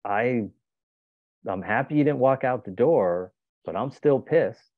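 A man's voice: mid-range voice, expressive, slow pace, no echo. A man acting out a frustrated wife venting her complaints. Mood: exasperated. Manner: exasperated venting. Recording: tinny phone-like dry sound.

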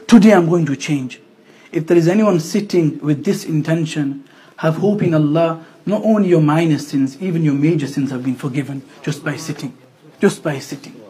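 A man delivering an emotional sermon to a mosque gathering, swinging from loud appeals to hushed lines. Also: on the high side, husky. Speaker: preacher.

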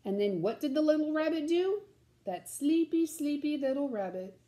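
Woman storyteller, children's story, sing-song, gentle, slow, warm. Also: high voice, animated.

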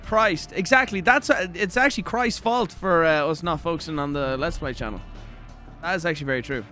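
A man's voice: a little high, sharp tone. A young Irishman streaming a game, ranting and swearing, laughing often in casual commentary. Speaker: gaming streamer.

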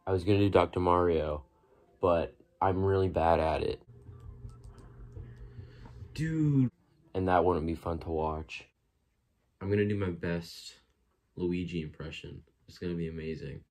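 A man's voice: deep voice, unhurried, long pauses, a little mellow. A man giving joking, offhand commentary while playing a video game. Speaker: let's play host.

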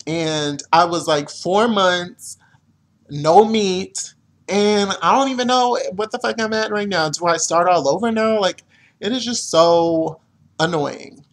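A man's voice: sits high, slow pace. A young man venting to camera in an exasperated, profane rant, complaining as a vlogger. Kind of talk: ranting to camera.

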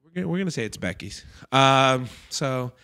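On his comedy podcast, a male comedian host speaks at a medium pitch and moderate pace. The anecdote he tells is casual and full of profanity, and he performs other people's words as he tells it.

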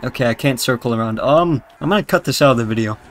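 A young British man, a gaming YouTuber, rambles through crude, jokey commentary while playing a zombie video game. His voice is mid-range and his pace is quick, in casual gameplay commentary.

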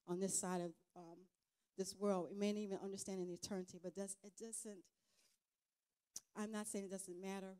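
Invited as a guest to a church event, a woman shares an informal testimony sermon in a medium-pitched, mellow voice. Her delivery is sincere and conversational but halting, and she often starts sentences over.

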